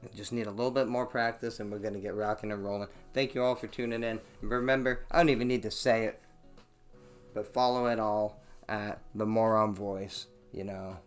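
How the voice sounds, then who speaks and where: A man's voice: fairly low pitch, steady tone, fairly quick, clean tone, faint music behind. A man hosting his own podcast from a small home room, telling rambling, profane stories full of "like" fillers, with the microphone set on a towel-covered chair. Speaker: podcast host. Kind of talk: casual solo storytelling.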